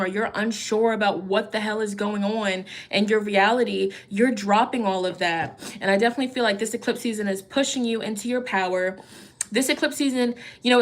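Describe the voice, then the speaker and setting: A woman giving a casual livestream tarot reading, chatty and encouraging, often saying "you know" and "okay?". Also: medium pitch. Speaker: tarot reader.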